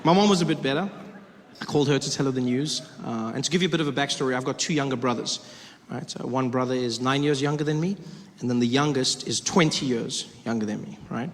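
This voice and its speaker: A man doing a stand-up comedy set, telling stories in a lively way. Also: mid-range voice, fast. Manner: storytelling, lively. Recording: comedy club with loud crowd and hall echo.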